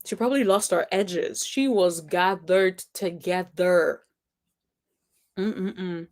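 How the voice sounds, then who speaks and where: Slow, sassy woman recapping reality TV. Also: on the low side. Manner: chatty and sassy, hums "mm-mm-mm" in approval. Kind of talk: casual commentary on show clips.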